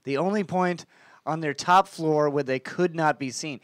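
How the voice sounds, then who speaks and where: A man's voice: fairly high pitch, normal speed, dry recording, studio quality. A man co-hosting a casual podcast, reading news stories aloud with laughing asides. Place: studio.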